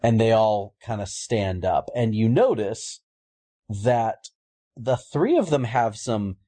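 A man's voice: fairly low pitch, animated, takes it slowly, warm tone. A man narrating a tabletop game as game master, hesitant with many restarts.

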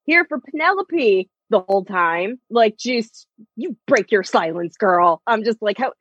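A woman in casual chat about a TV series, animated and laughing often, acting out quotes in different voices. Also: a little high, unhurried, breathy edge, no echo, highs cut off.

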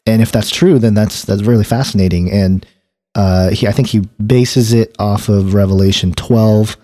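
A man's voice: lowish voice, steady tone, normal speed, dark tone. A man co-hosting a casual faith discussion podcast, talking in a rambling way with many asides. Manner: rambling, many fillers and restarts, chuckles. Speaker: podcast co-host.

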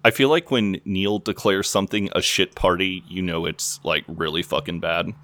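A man's voice: low-pitched, steady tone, moderate pace, fairly bright tone, no room sound. A man co-hosting a podcast, chatting loosely and swearing freely as he recaps a TV episode with lots of fillers. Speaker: podcast co-host. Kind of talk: casual chat recapping a TV episode.

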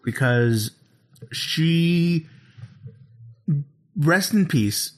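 A man's voice: a little high, very slow. A man co-hosting a podcast, recapping an episode in casual chat, laughing and acting out lines as he goes. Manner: animated storytelling, laughs often, acts out lines. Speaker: podcast co-host.

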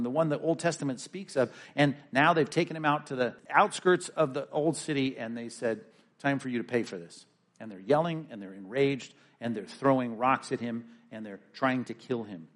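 Man preaching an animated sermon. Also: mid-range voice. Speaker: pastor.

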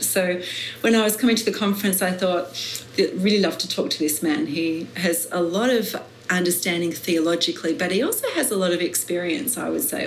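A woman's voice: lowish voice, slight background noise. A woman hosting a faith podcast, introducing her guest and asking questions in an upbeat way. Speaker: podcast host and pastor. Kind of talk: podcast interview.

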